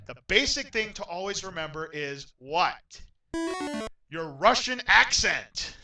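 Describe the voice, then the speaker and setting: A man hosting a game show in an upbeat, announcer-like way, getting loudly excited when a contestant wins. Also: sits high, distant mic, low-quality recording.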